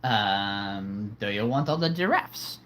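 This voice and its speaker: A man's voice: on the low side, animated, slow pace, fairly bright tone, slight background noise. A man hosting a casual livestream, chatting playfully with viewers and laughing at his own jokes. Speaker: livestream host.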